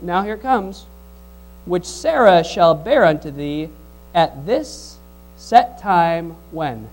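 A man preaching a sermon, reading scripture aloud and putting questions to the congregation in an animated way. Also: high-pitched, takes it slowly, low-quality recording.

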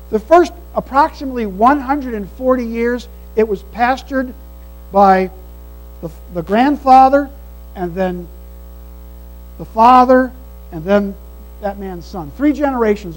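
A man's voice: sits high, poor audio. A man preaching a sermon as pastor, earnest and emphatic, repeating key phrases. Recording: mains hum behind the voice.

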